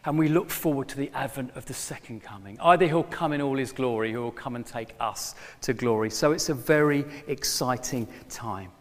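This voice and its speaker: A middle-aged man preaching a sermon to his former church, telling a story with lively bursts when he plays a character. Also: mid-range voice. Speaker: former pastor, guest preacher. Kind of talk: sermon with a joke. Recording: long hall reverb.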